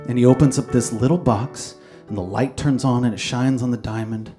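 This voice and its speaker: A man's voice: mid-range voice, steady tone, a little fast. Rambling storyteller man over guitar. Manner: rambling, self-mocking storytelling with laughter. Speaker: comedian and poet. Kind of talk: live stand-up storytelling. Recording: live stage recording with guitar music. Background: guitar music.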